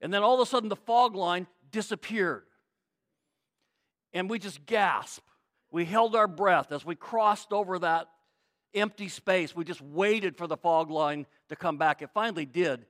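High-pitched man, pastor, preaching sermon, emphatic, repeats phrases. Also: measured pace. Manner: emphatic, repeats phrases, swings from quiet to loud.

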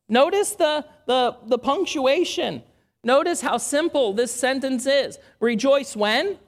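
A woman preaching a sermon in an earnest, measured way, asking rhetorical questions. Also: sits high, very animated.

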